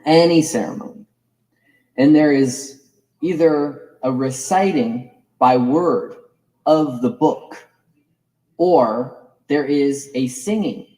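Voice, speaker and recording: A man's voice: fairly high pitch, mellow, rough recording. A man giving a reflective, digressive lecture as a course teacher, musing over the roots of words.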